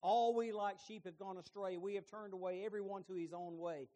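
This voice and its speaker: A middle-aged man preaching a sermon, telling the story with lively emphasis and folksy asides. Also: high-pitched, brisk, few pauses.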